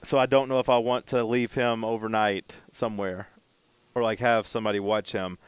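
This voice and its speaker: A man's voice: lowish voice, level tone, moderate pace, clean tone, dry recording. A man co-hosting a casual chat, telling stories in a rambling way and often stumbling over and repeating his words.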